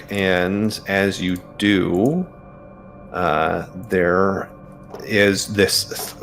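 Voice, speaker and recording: Deep, slow, gravelly game master man. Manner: relaxed, hesitant narration with fillers. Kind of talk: narrating a tabletop game.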